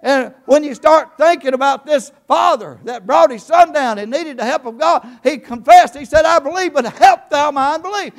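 An older man preaches in church in a strikingly high voice. He swings between fervent shouts and low, quiet stretches. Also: moderate pace, hardly any pauses. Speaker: pastor. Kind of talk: sermon.

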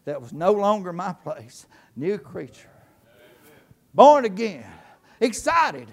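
An older man preaching a sermon in church, with impassioned delivery that swings from shouting to quiet, low talk. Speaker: pastor.

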